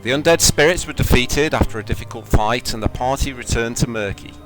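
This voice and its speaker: A man at mid pitch runs a tabletop game from home. He tells the story in a steady, measured way and moves easily into rules talk. Faint music sits behind him. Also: poor audio. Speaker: game master.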